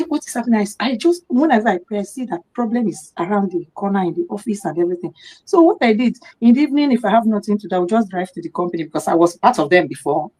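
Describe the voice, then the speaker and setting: Animated Nigerian woman telling a story. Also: medium pitch, low-quality recording. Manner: animated storytelling, acting out dialogue. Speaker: storyteller sharing a personal account. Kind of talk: impassioned personal testimony.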